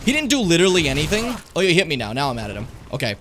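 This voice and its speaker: A man's voice: a little high, sing-song, racing, noisy background. A young man from Edmonton, Canada, rambling and joking as he plays a video game, swearing often. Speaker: streamer. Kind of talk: casual gameplay commentary.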